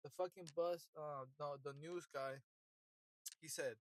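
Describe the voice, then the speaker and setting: Young male podcast co-host, high-pitched, animated and profane, dry close mic. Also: a little slow, dry recording. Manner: animated, swearing, acts out quotes in funny voices. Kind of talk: casual chat.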